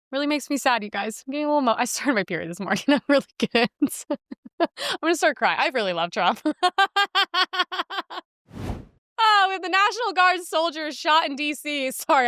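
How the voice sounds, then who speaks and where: Bright, crisp young woman host. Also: fairly high pitch, no room sound, clean studio sound. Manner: chatty, sarcastic, laughs often. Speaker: podcast host. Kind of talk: casual political commentary.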